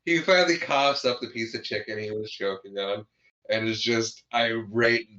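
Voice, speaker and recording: A man's voice: on the low side, moderate pace, sharp tone, muffled recording. A man co-hosting a podcast, recapping a movie in casual chat and laughing often as he tells the scenes. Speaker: podcast co-host.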